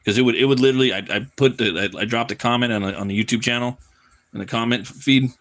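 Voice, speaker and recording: A man's voice: mid-range voice, fast talker, a bit bright. A man chatting casually on a live drawing stream, loose and profane, often repeating his words as he rambles. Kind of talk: casual chat while drawing.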